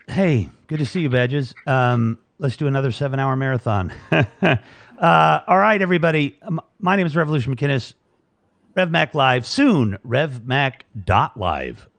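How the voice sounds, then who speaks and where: Gravelly-voiced man hosting a live show. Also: medium pitch, animated, normal speed, no echo. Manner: rambling, grateful, joking. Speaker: show host. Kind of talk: casual live-stream sign-off chat. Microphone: studio microphone.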